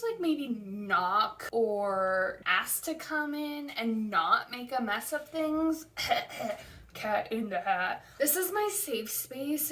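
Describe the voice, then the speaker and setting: A young woman giving a comedic review of a children's book, dry and exasperated. Her voice sits a little high, and she takes her time. She talks in sarcastic asides. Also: a bit bright, recorded from a distance. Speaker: host reviewing a picture book.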